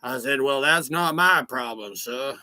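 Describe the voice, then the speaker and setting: A man playing a rambling country cousin, telling a comic story in a slow, folksy way. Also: medium pitch, bright, forceful tone, no room sound. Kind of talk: comic character monologue.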